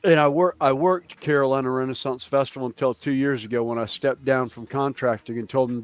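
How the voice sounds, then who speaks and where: A man's voice: medium pitch, fairly even intonation, a little fast, few pauses. Rambling, laughing American man in his fifties. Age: 50s. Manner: rambling, swears casually, laughs often. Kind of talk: casual group chat.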